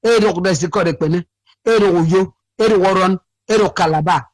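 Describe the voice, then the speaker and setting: A man phones in to a radio show, tired and cracking in voice. He talks in a high, dry tone, rambling and circling back on his words as he slips between English and his dialect. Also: brisk, no room sound, poor audio. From Akwa Ibom State, Nigeria. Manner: rambling, repeats himself, switches to his dialect. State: sleepy, cracking voice. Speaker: caller.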